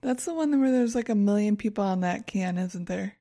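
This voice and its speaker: A woman co-hosting a casual podcast chat, dry and low-key, with a migraine. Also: lively intonation, brisk, dark tone. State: has a migraine. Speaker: podcast co-host.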